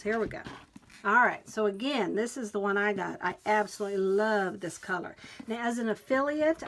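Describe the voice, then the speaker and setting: A woman's voice: medium pitch, slight background noise. A woman vlogger walking viewers through a new planner, chatty and enthusiastic as she describes each page. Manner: enthusiastic, chatty, reads quotes aloud. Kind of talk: planner flip-through walkthrough.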